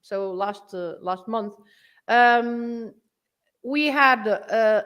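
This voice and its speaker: A woman's voice: a little high, extremely slow, fairly bright tone, smooth. A Portuguese woman with a Portuguese accent, a teacher and guest, chatting casually in English with many fillers and laughs. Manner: giggly, hesitant, with frequent fillers. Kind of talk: casual chat.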